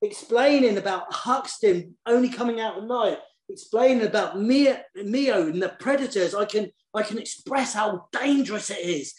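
There are hardly any pauses as this high-pitched man talks at a moderate pace in an echoey room. He's a children's poet and author in a casual online session, warm and eager, often repeating words while he looks for them.

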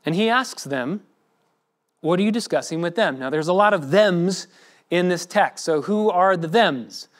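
A man's voice: sits high, unhurried. A man preaching a sermon as pastor, acting out the voices of the people he quotes. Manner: expressive preaching, acts out quoted speech.

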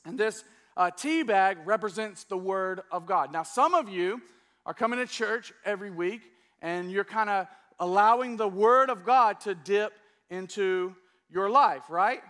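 A male pastor teaching a sermon to a church congregation. His voice sits high and rings bright and forceful. He talks with energy, coaxing the room to respond and join in. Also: a little slow. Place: church service before a congregation.

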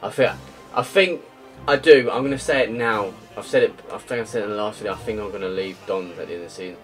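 A man's voice: on the low side, fast talker. Exasperated young man ranting over gameplay. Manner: exasperated, ranting, swears, repeats himself. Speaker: gaming video creator. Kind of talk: frustrated gameplay commentary. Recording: faint music behind.

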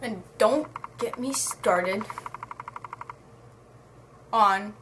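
A woman's voice: medium pitch, extremely slow, noisy background. A woman giving a casual, exasperated review to camera, talking in slang and ranting with a lot of energy. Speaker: book and movie reviewer.

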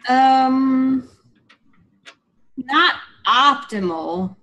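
A woman's voice: mid-range voice, a little slow, fairly bright tone, low-quality recording. A woman playing a tabletop game, chatting casually and describing her actions in a wry way. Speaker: player.

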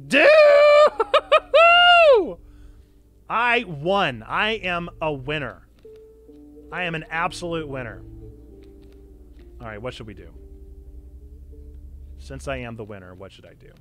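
A pastor giving excitable live-streamed gameplay commentary, now and then bursting into loud cheers. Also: male voice, mid-range voice, unhurried, pauses often, faint music behind. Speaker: pastor streaming a video game.

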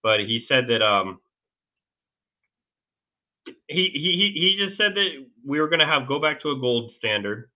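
A man being interviewed as a guest, telling a long story in a rambling, halting way with many restarts. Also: medium pitch, expressive. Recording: tinny phone-like line.

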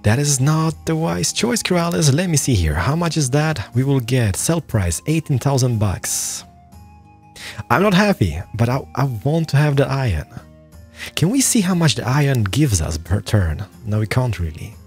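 Animated man commentating a strategy game. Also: medium pitch, moderate pace, faint music behind. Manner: animated, excitable, muttering to himself. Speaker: gaming YouTuber. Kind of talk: gameplay commentary.

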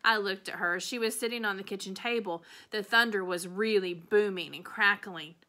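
Bright-voiced teacher reading aloud. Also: female voice, medium pitch, moderate pace. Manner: expressive storytelling, changing voices for characters. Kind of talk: reading a children's novel aloud.

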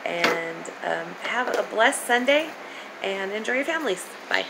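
Woman vlogger, forties, mid-pitched, slightly stuffy, hesitant with ums, casual to camera, noisy background. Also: gravelly. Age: 40s. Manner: halting, many ums and pauses. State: slightly stuffy from a sinus infection. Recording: steady background noise.

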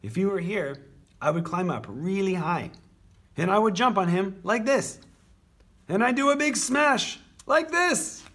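A man's voice: on the high side, very animated, normal speed, gravelly, a bit bright, slightly rough, pitched above the performer's own voice, full character voice. A man doing Carl, a grumpy little boy. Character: small grumpy boy, bossy and impulsive.

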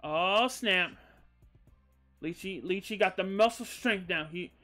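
A man's voice: sits high, slow, bright, forceful tone, soft background music. A man streaming live and chatting casually with viewers, rambling and swearing freely, a bit loopy after a sneezing fit.

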